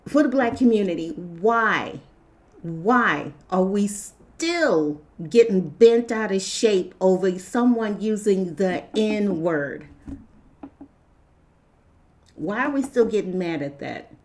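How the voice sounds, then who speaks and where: A woman talking in a casual opinion monologue, animated, often laughing and acting out imagined dialogue. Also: medium pitch, slow pace, slight background noise. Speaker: vlogger.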